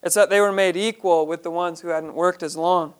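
A man's voice: high-pitched, fairly even intonation, a little fast, clean tone. A man leading a Bible study, reading each verse aloud and then explaining it in plain, earnest terms.

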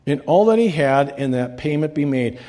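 Man, pastor preaching, animated delivery, slightly high, warm tone. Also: normal speed. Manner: animated preaching, swings between loud rises and quiet drops. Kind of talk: sermon.

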